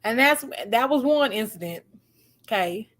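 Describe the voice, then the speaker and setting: High-voiced woman telling stories animatedly. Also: measured pace. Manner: animated, acts out quoted voices, laughs often. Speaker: host giving relationship advice. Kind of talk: casual storytelling advice talk.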